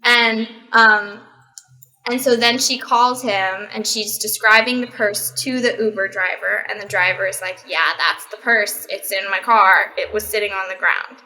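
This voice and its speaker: A woman's voice: mid-range voice, a little slow. A young adult woman as a guest, telling a story in casual chat and acting out the people in it. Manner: animated, acts out quoted exchanges.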